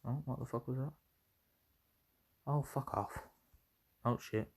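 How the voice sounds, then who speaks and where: A man's voice: mid-range voice, steady tone, takes it slowly, darkish tone, husky. Rambling, swearing young man. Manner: rambling, self-correcting, swears freely. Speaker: vlogger. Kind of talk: casual rambling retelling of a fan story.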